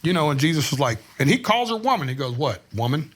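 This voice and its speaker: A married man chatting casually as a podcast guest, telling stories in an animated, profane way. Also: on the high side, fast talker. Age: adult, married. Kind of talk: casual chat.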